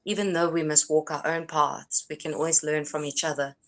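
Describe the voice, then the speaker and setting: A woman co-hosting a casual livestream, speaking in a calm, reflective way and laughing often. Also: low voice, a little fast.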